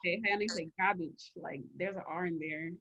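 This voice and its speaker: A woman's voice: fairly low pitch, steady tone, moderate pace, bright, forceful tone, breathy edge, dull audio. A woman hosting a casual chat over a video call. She talks in a blunt, playful way and cusses freely.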